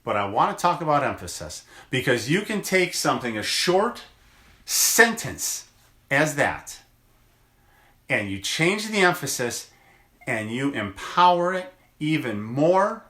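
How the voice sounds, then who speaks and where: A man who works as a chiropractor gives a motivational daily video message, talking slowly and deliberately in gentle encouragement and drawing out words for emphasis. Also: medium pitch, very animated, reverberant.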